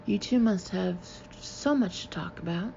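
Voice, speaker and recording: A woman voicing a bubbly, warm young female friend talking on the phone. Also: mid-range voice, unhurried, creaky, muffled recording, a little hiss or hum. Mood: wistful.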